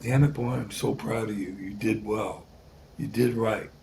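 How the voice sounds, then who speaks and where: A man quoting his gruff, tough old hillbilly mother in a blunt, rough-edged way. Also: fairly high pitch, huge pitch swings, normal speed, a little hiss or hum, heavily acted. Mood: proud.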